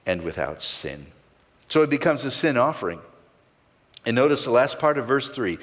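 A man's voice: mid-range voice, a bit bright, big-room sound. A male pastor preaching a sermon, stressing key words with sweeping rises and falls.

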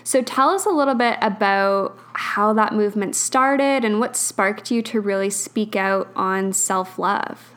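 A woman host with a mid-pitched voice puts a measured, friendly question to her guest. She talks in an even, conversational way. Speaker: interviewer. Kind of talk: interview question.

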